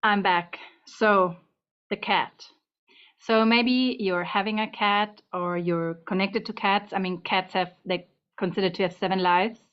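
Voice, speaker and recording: A woman's voice: medium pitch, steady tone, unhurried, clean tone. A woman giving a casual tarot reading to camera at home, chatty and meandering, slightly out of breath. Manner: chatty, meandering, talks to her cat between points. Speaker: tarot reader. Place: home room. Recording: dull lo-fi sound.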